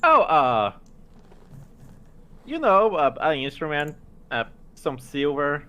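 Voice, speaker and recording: A man's voice: fairly high pitch, very animated, slow pace, pushed and bright, clear, resonant tone, lo-fi sound. A man playing a bard in a tabletop game, hesitant and stammering, with a joking manner. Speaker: player.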